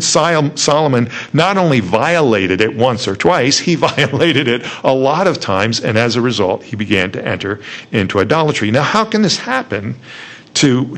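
A man's voice: mid-range voice, a bit bright. A male preacher giving a conversational sermon, retelling a story and asking rhetorical questions.

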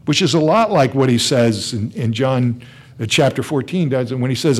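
A man's voice: mid-range voice, animated, normal speed. A man preaching a sermon, explaining Bible verses with a teaching tone and some restarts. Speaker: pastor.

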